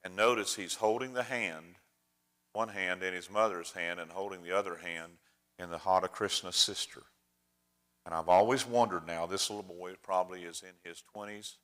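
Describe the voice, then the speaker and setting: An older preacher with a very low voice that still comes across bright and forceful. He talks to the congregation in a folksy, chatty way, walking them through his slides like stories. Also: steady tone, moderate pace. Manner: folksy, chatty storyteller addressing the room.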